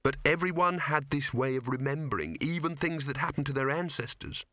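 A man voicing an earnest young man who explains things haltingly. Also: a little high, lively intonation, pushed and bright, no room sound, studio quality, pitched above the performer's own voice.

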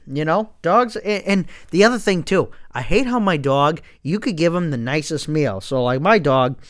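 Guy doing a sweary comedy rant, kinda high voice, super clean dry sound. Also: fairly bright tone, smooth, dry recording. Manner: profane, repetitive ranting with stammered restarts.

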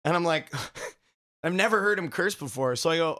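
A man's voice: a little high, expressive, normal speed, sharp tone, no room sound, studio quality. A man co-hosting a podcast, telling a long story in a casual, rambling way with lots of fillers. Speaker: podcast co-host.

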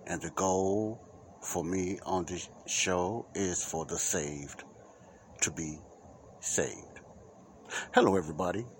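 A man with a very low voice hosts his own Christian talk podcast, speaking at an unhurried, drawn-out pace. He rambles and repeats himself in a loose, informal preacherly way. A faint hiss sits under the recording. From United States. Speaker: podcast host. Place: Chicago area.

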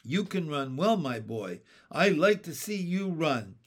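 Dignified old gentleman, read by a man, approving, storybook. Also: on the high side, big pitch swings, measured pace, breathy edge, heavily acted.

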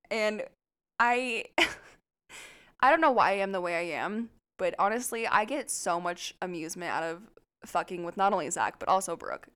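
A woman's voice: mid-range voice, a little slow, long pauses, smooth. A young woman co-hosting a podcast, telling a story in casual chat, swearing a lot and laughing as she goes. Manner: laughing, profane, animated storyteller. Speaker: podcast co-host.

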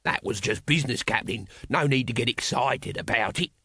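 Male reader as a slippery street salesman for an audiobook. Wheedling and pleasant, animated. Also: on the high side, measured pace, gravelly, slightly rough, no room sound, studio quality, exaggerated voice. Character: shifty street trader, a pushy salesman.

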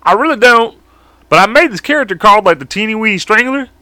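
A man's voice: sits high, expressive, fast talker, pushed and bright, dry recording, voice pushed up, full character voice. A man voicing a cheerful, self-righteous male superhero who is really a serial killer, in a raised, earnest voice. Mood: cheery.

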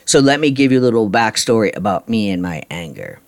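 A man's voice: lowish voice, very animated, fairly quick. A middle-aged man hosting a podcast, telling a personal story in a blunt, frustrated, ranting way with casual swearing. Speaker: podcast host.

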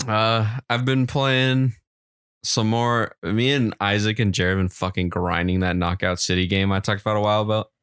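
Man, low voice, casual podcast chat, swearing storyteller, dry sound. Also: little pitch movement, moderate pace, fairly bright tone, clear, resonant tone, dry recording. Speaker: podcast co-host.

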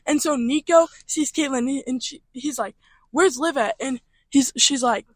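A young woman casually telling a profane, animated story, often laughing. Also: high voice, moderate pace, no echo. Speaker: storytelling co-host.

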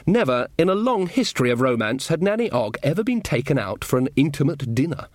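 A man narrating an audiobook in a wry, expressive manner. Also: on the high side, brisk, no echo, clean studio sound.

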